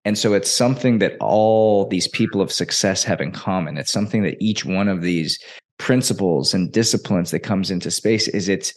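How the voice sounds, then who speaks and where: Male podcast host, very low voice, measured, reflective. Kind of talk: reflective interview talk.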